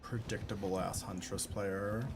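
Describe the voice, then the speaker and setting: A woman streamer giving chatty, expressive live commentary while she plays, full of quick reactions and playful complaints. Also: a bass voice, music in the background.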